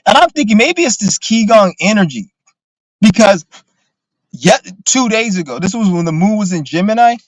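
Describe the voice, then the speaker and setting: A man's voice: high-pitched, sing-song, normal speed, no echo, poor audio. A man ranting casually on a livestream, profane and rambling with lots of filler words. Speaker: streamer.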